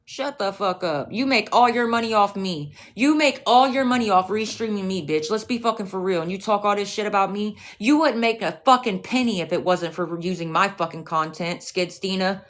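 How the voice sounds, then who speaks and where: A woman's voice: medium pitch, normal speed, few pauses. A woman livestreaming, ranting at a rival and her chat in a profane, confrontational way, with mocking, scornful asides.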